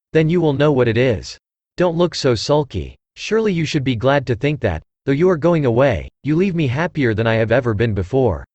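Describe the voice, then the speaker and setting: A rapturous young actress, read out by a synthesized male voice for an audiobook. She gushes in bright, effusive phrases, her intonation rising and falling widely. The sound is dry and close. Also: mid-range voice, no echo, muffled recording. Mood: affectionate. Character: young woman, a starry-eyed actress in love. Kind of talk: audiobook reading.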